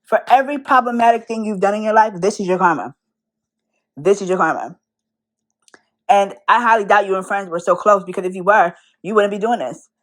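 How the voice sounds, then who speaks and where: A woman's voice: medium pitch, brisk. A young woman in an angry, profane rant, firing rhetorical questions at the person she is calling out. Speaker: commentary vlogger.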